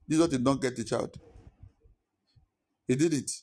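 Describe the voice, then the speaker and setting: A male pastor delivering a sermon. His voice sits at a middle pitch, and he drives points home through repetition. The talk is emphatic and teaching in tone. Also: normal speed, a little mellow.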